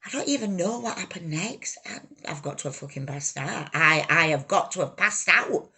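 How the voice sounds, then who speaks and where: A woman telling her own life story, halting, raw and emotional, swearing freely. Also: fairly low pitch, lively intonation, pushed and bright, breathy edge. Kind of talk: personal life story told to camera.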